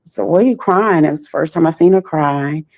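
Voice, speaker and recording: A woman survivor recounting her past in a halting, slow way, often repeating phrases. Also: low-pitched, a little mellow, dry recording. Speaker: trafficking survivor guest. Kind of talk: personal testimony.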